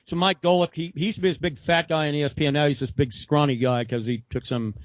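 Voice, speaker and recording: A man's voice: a little high, fast, no room sound. A man co-hosting a podcast in casual chat, rambling and laughing as he talks. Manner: rambling, laughing, quoting others in animated voices. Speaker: podcast co-host. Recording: dull lo-fi dry sound.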